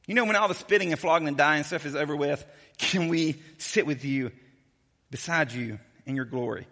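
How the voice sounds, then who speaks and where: A man preaching a sermon as a pastor, telling the story in a casual, joking, animated way. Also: fairly high pitch, moderate pace, in a large hall.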